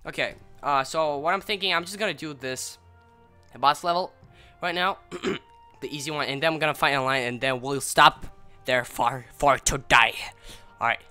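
A young man talking through a strategy game in a bright, edgy voice, rambling and saying sorry a lot before breaking into loud cheers and groans. He sounds a bit under the weather and clears his throat now and then. Faint music plays behind him. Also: on the high side, normal speed. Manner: rambling, apologetic, bursts into excited yelling. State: slightly sick, clearing throat. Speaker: gameplay commentator. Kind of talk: casual let's-play commentary.

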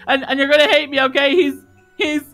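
A woman's voice: high voice, steady tone, a little fast, a bit bright, soft background music. A woman voicing a flustered male wolf father in a Minecraft role-play, talking frantically and yelping in fright. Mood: nervous. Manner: frantic, yelps and laughs in fright. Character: flustered male wolf dad, panicky and dramatic.

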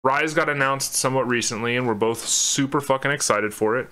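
A man's voice: medium pitch, brisk, bright, forceful tone. Young male co-host, loose and rambling, casually profane, chatting while he sketches. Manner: rambling, laughing, swears casually. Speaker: podcast co-host. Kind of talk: casual chat while drawing.

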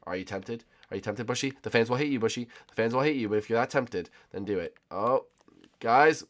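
A man giving casual, jokey gameplay commentary as a video host, often bursting into loud excited cries. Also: mid-range voice, brisk. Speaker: gaming YouTuber.

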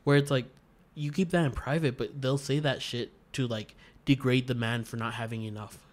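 Hombre contando historias con groserías. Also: male voice, medium pitch, fairly even intonation, moderate pace. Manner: profane storytelling, acts out quotes loudly. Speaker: podcast co-host. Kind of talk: crude casual chat.

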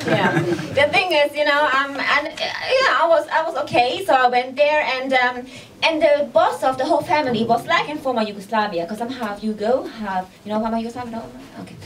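A woman's voice: sits high, fairly quick, fairly bright tone. A young woman from East Berlin with a German accent doing a live stand-up set, chatty and giggly, in loose, broken English. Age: young adult. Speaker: stand-up comedian. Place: small comedy club. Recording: distant mic, noisy live club.

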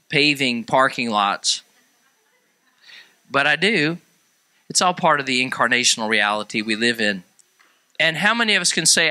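A man from preaching to a parish crowd, animated and joking, jumping up high in pitch when he acts out quotes. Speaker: priest. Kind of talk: sermon clips with audience.

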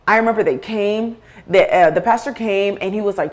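A woman from Africa tells a personal story as a talk show guest. She is animated and laughs her way through hard memories, her voice at an everyday middle pitch. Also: brisk.

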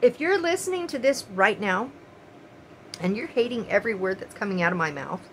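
An older woman, a grandmother and vlogger, addresses her viewers directly in an emotional, pleading opinion monologue, repeating her phrases. Her medium-pitched voice is expressive and a little fast, on a low-quality recording with slight background noise.

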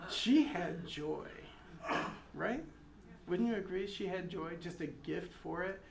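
A man's voice: high voice, normal speed, creaky. A man from Michigan giving a memorial sermon and prayer as pastor, earnest and conversational, with friendly asides. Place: chapel. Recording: echoey chapel with faint noise.

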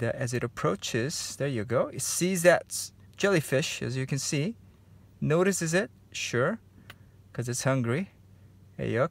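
This male painting teacher has a gravelly, mid-range voice. He guides a relaxed home-studio tutorial one step at a time, chatting loosely with lots of fillers and steady encouragement.

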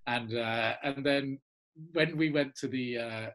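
An English man, an actor, telling lively anecdotes in a casual interview and laughing often. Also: mid-range voice, slow. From England. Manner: animated storyteller, laughs often. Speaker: actor guest.

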